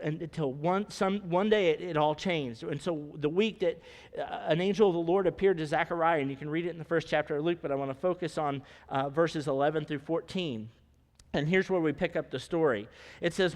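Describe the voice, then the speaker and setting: A man preaching a sermon from a church sanctuary, speaking conversationally and putting questions to the congregation. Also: a little high. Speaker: pastor. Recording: long church reverb.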